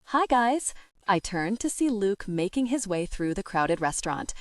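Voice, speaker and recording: Expressive woman narrating a comedy audiobook. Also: lowish voice, normal speed, no room sound, clean studio sound. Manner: expressive, chatty storytelling.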